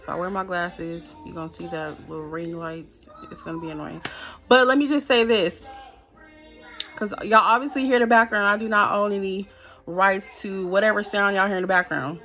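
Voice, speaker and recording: Woman spilling a storytime to her followers, bright voice, blunt, cusses a lot, right up on the cam. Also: medium pitch, moderate pace, soft background music. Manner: animated, blunt, swears freely. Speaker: storytime vlogger. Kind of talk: casual storytelling to viewers. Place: at home in front of a ring light. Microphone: camera held close.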